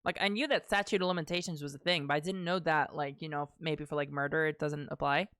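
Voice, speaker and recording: A woman's voice: low-pitched, fairly even intonation, quick pace, fairly bright tone, no echo, clean studio sound. A young woman streamer commenting on a game she plays, sarcastic and swearing freely. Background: game music.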